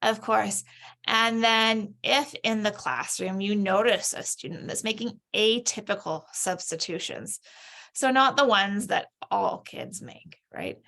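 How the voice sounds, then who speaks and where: A woman whose voice sits in a middle pitch but carries a very strong vocal fry throughout. She is speaking in an interview as an educator and explains ideas in a thoughtful, measured way with some restarts. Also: bright, forceful tone. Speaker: literacy educator. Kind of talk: interview conversation.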